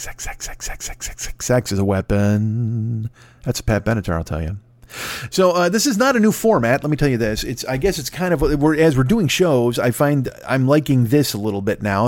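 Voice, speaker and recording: A man hosting his podcast alone from home, rambling quickly with plenty of swearing, cracking himself up. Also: medium pitch, a little mellow, no room sound. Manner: rambling, profane, fast-talking and self-amused. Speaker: podcast host. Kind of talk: solo casual monologue. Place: home recording setup. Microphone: close mic.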